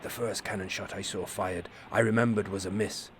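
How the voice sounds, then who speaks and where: A man voicing a male rifleman's memoir in a lowered put-on accent. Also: steady tone, moderate pace, a little hiss or hum. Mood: recounting. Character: low-voiced male rifleman recalling battle.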